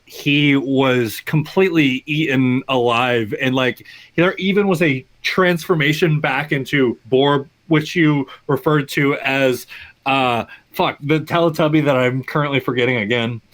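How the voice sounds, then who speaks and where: A man narrates a tabletop game as game master, rambling and apologetic as he goes. His voice sits a little high. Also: a little slow. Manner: rambling, apologetic, stumbling restarts.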